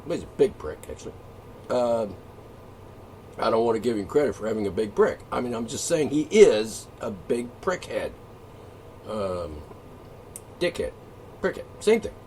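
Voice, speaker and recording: A man's voice: medium pitch, very animated, normal speed, long pauses, mellow. A man hosting his own monologue channel, ranting in a profane, combative and mocking way. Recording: distant mic, faint background noise.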